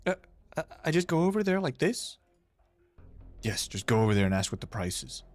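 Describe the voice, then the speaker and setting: A man's voice: medium pitch, very animated, fairly quick. A man from Finland, a native Finnish speaker, reading a game story aloud on stream with casual, joking asides.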